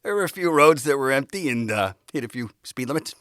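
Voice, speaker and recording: A man's voice: mid-range voice, animated, fairly quick, a bit bright, dry recording, clean studio sound. A man hosting a podcast, telling a rambling, candid personal story in a casual way and laughing often as he goes. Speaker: podcast host.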